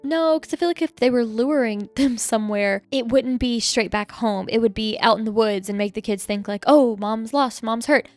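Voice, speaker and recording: A young adult woman co-hosting a podcast, chatting in an excitable, easily spooked way. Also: a little high, a little fast, hardly any pauses, no echo, soft background music. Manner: excitable, jumpy, easily spooked, reacts loudly. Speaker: podcast co-host. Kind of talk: casual chat.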